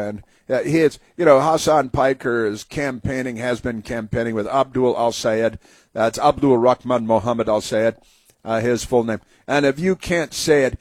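A male talk-radio host riffs sarcastically, mocking as he rambles. He speaks into a dry studio microphone. His voice sits at an ordinary middle pitch. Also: steady tone, normal speed, a little mellow, no room sound. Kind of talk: political talk radio commentary.

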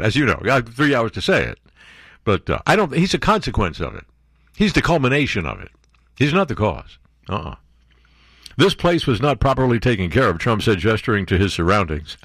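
Sarcastic talk radio host. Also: male voice, mid-range voice, a bit bright, no echo, studio quality. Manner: sarcastic, mocking, reads news aloud and interjects. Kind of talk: opinionated talk radio commentary.

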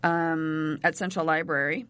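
A woman's voice: sits low, fairly even intonation, measured pace, a bit bright, smooth, no room sound. A woman in casual chat, upbeat and enthusiastic, with lots of fillers.

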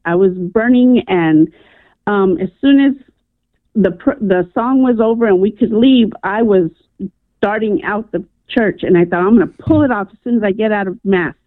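A woman's voice: mid-range voice, moderate pace, no echo. A woman calling in to a radio show and earnestly telling a personal story, with lots of "um" and "I'm like.". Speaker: radio caller. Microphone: telephone. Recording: tinny phone line, dry.

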